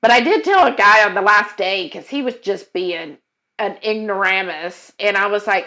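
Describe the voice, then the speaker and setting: A woman's voice: medium pitch, moderate pace, pushed and bright. A woman co-hosting a livestream, chatting casually and reading viewer comments aloud, with frequent fillers and quoting herself. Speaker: co-host of a cooking livestream.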